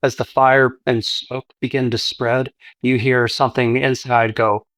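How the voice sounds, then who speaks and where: A man narrating a tabletop game as its game master, in a relaxed, descriptive way with many fillers. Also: medium pitch, a little slow, no room sound.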